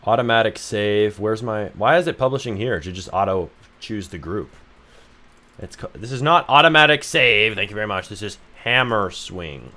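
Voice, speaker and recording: A man's voice: lowish voice, animated, moderate pace, bright, forceful tone. A young man streaming game development who jokes, swears freely and reads his chat aloud. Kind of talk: casual livestream chat.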